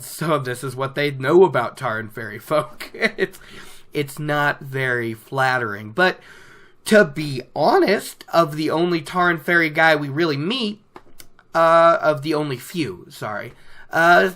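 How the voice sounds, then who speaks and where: Slow, bright-voiced, chatty podcast host. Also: medium pitch. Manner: animated, laughs often, acts out quotes. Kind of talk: casual book recap chat.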